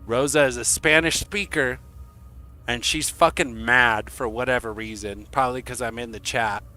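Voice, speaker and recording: A young man streaming to his chat, telling a rambling, profane story in a casual, animated way. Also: mid-range voice, normal speed, soft background music.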